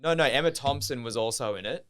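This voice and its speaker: A man's voice: medium pitch, fast talker, fairly bright tone, smooth. A young Australian man, a podcast guest, telling a casual story in a rambling way, full of "like" and swearing. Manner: rambling, heavy use of "like", swears freely.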